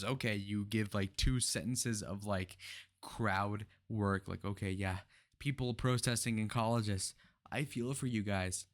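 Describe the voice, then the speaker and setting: A man's voice: fairly low pitch, a little slow. A young man reacting to a political interview, talking heatedly and sarcastically with profane outbursts. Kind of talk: reaction commentary.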